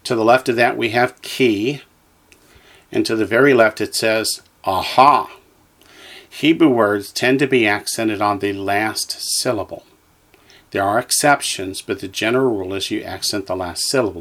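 A man's voice: on the low side, moderate pace, a bit bright. A man teaching a beginner Hebrew lesson, reading from a textbook and naming each letter patiently for listeners to repeat.

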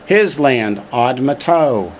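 A man's voice: mid-range voice, animated, slow, a crowd in the background. A man teaching a class from a textbook, drilling vocabulary and adding dry joking asides. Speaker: Hebrew teacher. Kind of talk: classroom lesson, reading from a textbook.

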